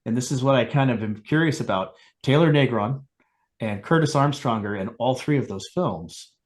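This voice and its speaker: A man's voice: mid-range voice, normal speed. A man hosting a podcast in casual chat, rambling into digressions and laughing at himself. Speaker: podcast host.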